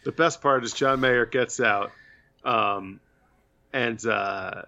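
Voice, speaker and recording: A man casually recapping a bad movie with a co-host, relaxed and full of ums. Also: mid-range voice, takes it slowly, dull audio. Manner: laid-back, filler-heavy retelling. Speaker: podcast co-host.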